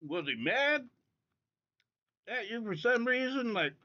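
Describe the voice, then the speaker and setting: A male streamer rants and chats in a bright, lively voice full of profanity. The sound is dull and lo-fi, like cheap stream audio. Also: very high voice, takes it slowly. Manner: profane, ranting. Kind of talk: casual livestream chat.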